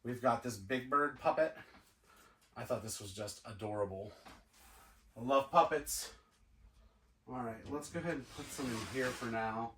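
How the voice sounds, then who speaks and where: A toy collector vlogger, a man with a medium-pitched, slightly bright voice, sorts through boxes of toys in a cluttered indoor toy room. He unpacks slowly, musing and chatting casually to himself. The room is echoey and the mic sits at a distance.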